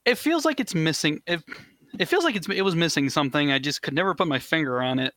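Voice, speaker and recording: A man's voice: on the high side, expressive, fast, sharp tone, no room sound. A man from Texas calling in to a gaming chat, hesitant and apologetic, with many ums and restarts. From Texas, USA. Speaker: guest caller.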